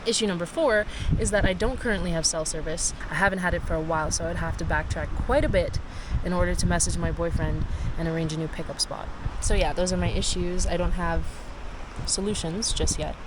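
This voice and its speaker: Talking fairly quickly with fairly even intonation, a low-voiced woman narrates her solo cycling journey to camera. She's tired, candid and reflective as she talks through her problems on a windy gravel road, with wind and outdoor noise on the mic.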